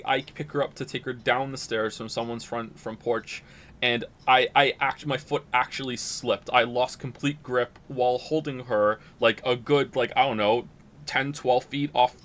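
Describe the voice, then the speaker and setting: A man's voice: mid-range voice, fairly bright tone. A man from Canada hosting a gaming stream, telling rambling, profane stories in casual chat. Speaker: streamer host.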